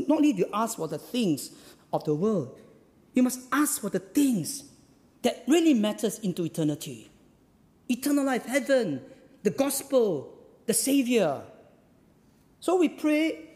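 A man preaching a sermon as a pastor, emphatic, repeating his phrases and pausing on "uh" fillers. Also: high-pitched, darkish tone, in a large hall.

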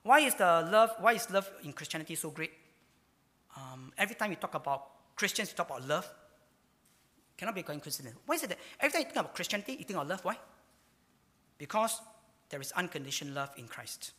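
Male pastor, emphatic sermon delivery, voice a touch high, hall echo. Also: big pitch swings, fast talker, pauses often. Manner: emphatic preaching, with sudden swings between loud and hushed. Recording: hall reverb.

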